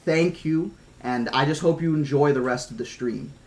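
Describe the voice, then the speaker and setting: A man's voice: a little high, moderate pace, darkish tone. A man streaming live, emotional and near tears, stammering out thanks to his viewers in casual chat. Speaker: streamer reading a novel aloud.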